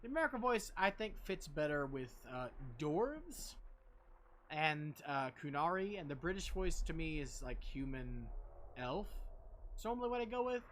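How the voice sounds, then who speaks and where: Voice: medium pitch, sing-song, moderate pace, fairly bright tone, a little hiss or hum. A game streamer giving casual, joking commentary with plenty of swearing and self-deprecating asides.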